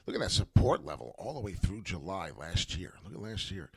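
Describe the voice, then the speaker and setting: Male crypto chart commentator, lowish voice, rambling off-the-cuff delivery with heavy fillers. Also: animated, fairly quick, creaky, slightly rough. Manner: rambling, filler-heavy, repeats words for emphasis. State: hiccuping. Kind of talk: casual market commentary.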